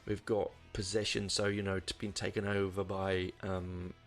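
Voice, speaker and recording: A man with a low, gravelly voice hosts a podcast and talks his way through an album review. He rambles, full of ums and restarts. Faint music sits underneath. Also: level tone, normal speed. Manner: rambling, many fillers and restarts. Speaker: podcast host. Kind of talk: casual album review monologue.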